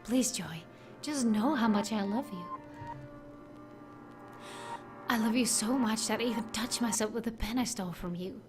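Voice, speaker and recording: Brief: woman reading a lovesick, obsessive girl; hushed, intense, slightly high voice. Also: fairly quick, over music, close to an everyday voice. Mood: pleading. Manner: soft, hushed, intense confession. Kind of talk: reading game dialogue aloud.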